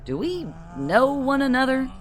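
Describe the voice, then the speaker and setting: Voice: high-pitched, sing-song, normal speed, slight background noise, pitched above the performer's own voice. An audiobook narrator voicing a flustered male suburban everyman in his forties, pleading and scrambling. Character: fortyish suburban everyman husband.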